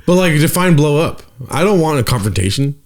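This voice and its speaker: A man's voice: on the high side, big pitch swings, brisk. Young male podcast co-host, jokey and teasing, casual cussing. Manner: joking, teasing, swears casually. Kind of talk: casual chat.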